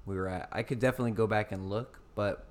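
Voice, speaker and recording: A man's voice: fairly low pitch, steady tone. Amused man hosting a podcast chat. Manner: amused, chatty, quick questions. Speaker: podcast host. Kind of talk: casual interview chat.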